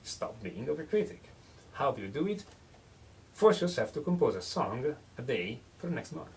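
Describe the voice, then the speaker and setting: A man's voice: mid-range voice, very animated, normal speed, recorded from a distance. A man teaching songwriting in a casual one-on-one lesson, joking and often restarting his phrases.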